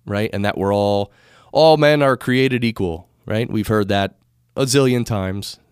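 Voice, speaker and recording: Unhurried and low-pitched, this American podcast host talks casually about spirituality, rambling and revising his words as he goes. His tone is clean, and the studio microphone recording is studio quality with no echo.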